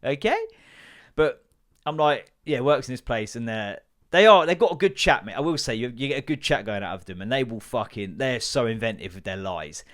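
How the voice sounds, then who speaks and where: A man's voice: medium pitch, expressive, fairly quick, a bit bright. A man hosting a comedy podcast, telling rambling, sweary stories and doing the voices of the people in them. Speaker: podcast host. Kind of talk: casual comedic rant.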